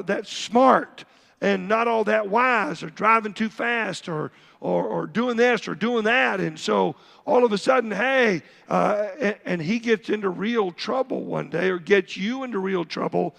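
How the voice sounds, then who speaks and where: A pastor with a high, gravelly voice preaches a sermon to his congregation. He asks them questions as he goes, and his words ring out with a long reverb through the church sanctuary. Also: fairly bright tone.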